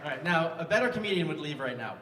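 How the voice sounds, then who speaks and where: A man's voice: on the high side, expressive, fast talker, background noise. A man in his fifties doing a live stand-up set on a stage mic, self-mocking and bantering with the crowd. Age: 50s. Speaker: stand-up comedian. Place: large live music venue on stage. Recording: roomy venue sound from a distance.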